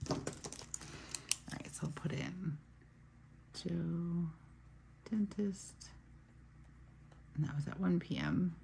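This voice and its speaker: Slow and given to frequent pauses, a woman in her thirties speaks in a fairly low, gravelly voice against a noisy background. As a planner vlogger, she chats casually while planning in her journal, telling stories full of tangents.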